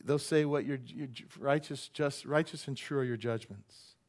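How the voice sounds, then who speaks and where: A man, a pastor, preaching a casual, joking sermon in a church and acting out quoted voices with big jumps in pitch. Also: normal speed. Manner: joking and conversational, teases the audience. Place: church sanctuary.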